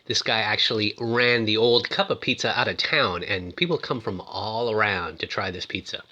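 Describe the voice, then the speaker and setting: A man casually retelling a film's story with toys, chatty and full of fillers, shouting out the characters' lines as he goes. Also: lowish voice, moderate pace, highs cut off. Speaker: toy reviewer retelling a film.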